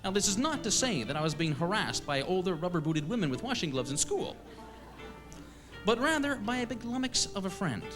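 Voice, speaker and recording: A man from eastern Canada telling a comic story on stage, with a wry, deadpan, self-mocking delivery. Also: high-pitched, brisk, over music. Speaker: comedian storyteller. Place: stage at a live show.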